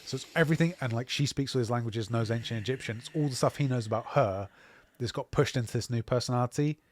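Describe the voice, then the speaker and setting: A man co-hosting a podcast, relaxed and joking as he floats theories. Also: mid-range voice, fast talker. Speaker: podcast co-host. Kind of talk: casual chat.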